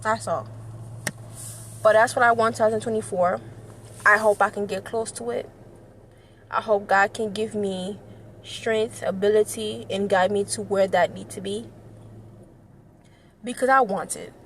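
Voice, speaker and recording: A woman's voice: medium pitch, steady tone, unhurried, long pauses, slight background noise. A young woman vlogging in an earnest, passionate way, often repeating herself. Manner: earnest, passionate, repetitive, tearful at times. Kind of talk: emotional personal vlog.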